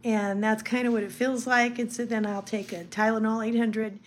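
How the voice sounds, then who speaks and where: A woman vlogging at home while recovering from surgery, talking casually to the camera, sometimes gushing and sometimes dropping soft and low. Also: moderate pace, slight background noise. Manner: chatty, gushing when excited, soft and low when tired. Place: home schoolroom, indoors.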